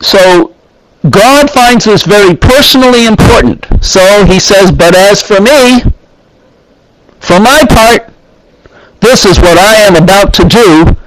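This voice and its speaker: A man teaching scripture in an unhurried way, pausing often as he reads Hebrew phrases and explains them. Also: high-pitched, fairly bright tone, a little hiss or hum, poor audio. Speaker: Bible teacher.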